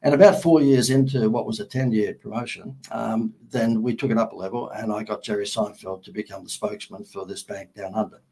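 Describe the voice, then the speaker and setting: A husky, fairly low-voiced man from Sydney, Australia, the founder of a marketing agency, tells stories as an interview guest. He speaks briskly with few pauses, acts out quoted dialogue, and laughs at his own anecdotes, though the audio is poor.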